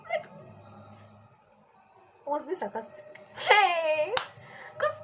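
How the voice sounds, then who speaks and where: A young woman telling a storytime on her vlog, chatty and animated with many "like"s. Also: sits high, moderate pace, long pauses, slight background noise. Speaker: vlogger.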